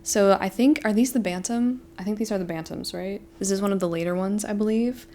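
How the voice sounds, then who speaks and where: A woman in her twenties chatting excitedly to camera as a book vlogger, gushing to her viewers like friends. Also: medium pitch, fairly quick, slight background noise. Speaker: book vlogger and book club host. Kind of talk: casual chat to camera.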